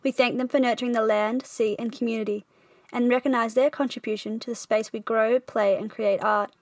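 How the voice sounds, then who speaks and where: A woman reading a formal acknowledgement in a measured, steady way. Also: on the high side, no echo. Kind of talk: read acknowledgement.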